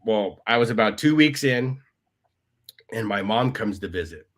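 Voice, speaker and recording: Low-voiced man telling his story. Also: expressive, moderate pace. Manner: conversational, tag questions, quoting others. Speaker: guest. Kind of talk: storytelling interview.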